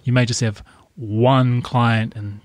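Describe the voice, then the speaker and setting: A man's voice: mid-range voice, level tone, slow, no room sound. A man co-hosting a podcast, talking casually and rambling, checking in often with "right?". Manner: rambling, lots of "right?" and "yeah". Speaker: podcast co-host.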